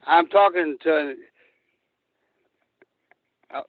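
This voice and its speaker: A man's voice: on the high side, very slow, no echo. An older man calling into a show, telling rambling, profane road stories. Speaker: guest wrestler. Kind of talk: storytelling on a phone-in. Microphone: phone. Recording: tinny phone line.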